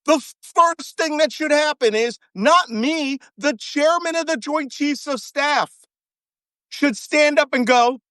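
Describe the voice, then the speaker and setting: A man's voice: very high-pitched, slow, pushed and bright, no room sound. Brief: ex-navy man, guest commentator, emphatic and foul-mouthed, dry sound. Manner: profane, ranting, emphatic. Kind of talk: heated talk-show commentary.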